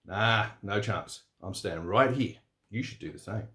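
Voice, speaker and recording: A man voicing a stubborn old male truck driver, gruff and insistent. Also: fairly low pitch, a little slow, bright, forceful tone. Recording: roomy echo.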